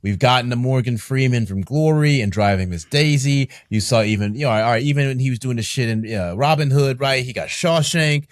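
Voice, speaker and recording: A man's voice: mid-range voice, brisk, few pauses, dry recording, clean studio sound. A man co-hosting a podcast, talking casually about movies with many fillers and asides. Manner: talkative, lots of fillers and asides. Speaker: podcast co-host.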